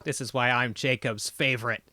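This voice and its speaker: A man's voice: medium pitch, fairly even intonation, moderate pace, pushed and bright. A man playing a tabletop game in casual chat, laughing often and thinking aloud with many fillers. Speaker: player.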